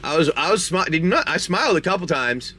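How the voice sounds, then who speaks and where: A man's voice: on the high side, lively intonation, fast, sharp tone, a little hiss or hum. A man hosting a live stream, chatty and rambling as he narrates a tabletop game and opens card packs. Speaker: game master and card-break host.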